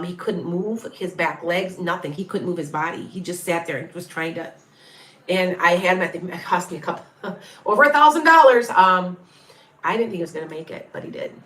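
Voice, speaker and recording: A woman's voice: lowish voice, fairly bright tone. A woman working as a psychic medium. She gives a casual live reading and answers questions in a chatty, rambling way, often breaking off mid-sentence. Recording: echoey room.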